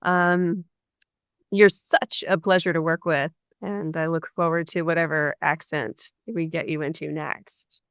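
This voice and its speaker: A woman hosting an interview, asking short questions and thanking her guest in a measured way. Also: low-pitched, fairly even intonation, fairly bright tone, clean tone, dry recording, studio quality. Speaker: host.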